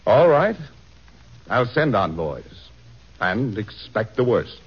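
An actor playing a middle-aged president, weary and full of doubt, with brooding, sighing delivery in 1940s radio style. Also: male voice, on the low side, big pitch swings, slow pace, breathy edge, soft background music, full character voice. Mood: troubled. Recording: dull old radio recording.

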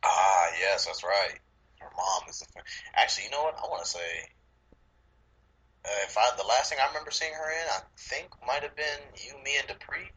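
A man's voice: on the low side, fairly quick, sharp tone, husky, rough recording. A man casually chatting about movies with a friend, profane and loose, laughing often. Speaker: podcast co-host. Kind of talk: casual chat.

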